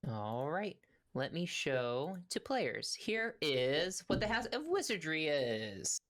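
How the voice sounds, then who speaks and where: A woman's voice: deep voice, very animated, takes it slowly, fairly bright tone. A woman narrating a tabletop game as game master, rambling with lots of fillers. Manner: rambling, full of "like" and "kinda".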